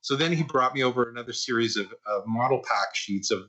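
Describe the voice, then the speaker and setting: Older man, bright voice, casual storytelling, relaxed and rambling, podcast guest. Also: medium pitch, quick pace. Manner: relaxed anecdotal, frequent "uh" and repeats. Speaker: guest, animation artist.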